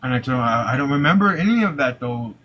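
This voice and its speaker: A young man telling a personal story live, halting, with many "like"s and repeated restarts. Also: medium pitch, lively intonation, fairly bright tone, a little hiss or hum, rough recording.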